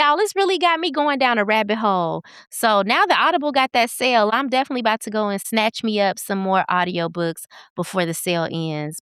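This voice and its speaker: A woman's voice: on the high side, clear, resonant tone, no echo, clean studio sound. A woman hosting a casual solo talk show, chatting and talking straight to her listeners. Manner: chatty, animated, addresses listeners directly. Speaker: podcast host.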